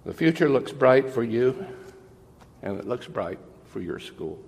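A man giving an earnest, measured farewell sermon as an interim pastor, with pauses between phrases, recorded in a church sanctuary. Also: mid-range voice, sing-song, gravelly, a little mellow. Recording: long reverb of a church sanctuary.

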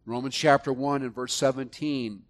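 A man delivers a sermon at a middle pitch. He drops into soft, low-voiced reflection, then rises to loud, emphatic preaching. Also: steady tone, normal speed. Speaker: pastor.

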